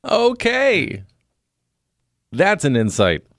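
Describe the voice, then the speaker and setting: A man's voice: on the high side, huge pitch swings, very slow, a bit bright, slight background noise. A man hosting a comedy podcast, announcing segments in a wry, self-deprecating way. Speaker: podcast host.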